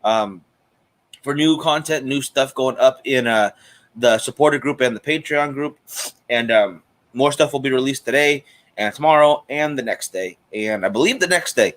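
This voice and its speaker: A man's voice: medium pitch, normal speed, fairly bright tone. Chatty male cigar show host. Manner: chatty, greets viewers by name, frequent fillers. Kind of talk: casual live-stream chat.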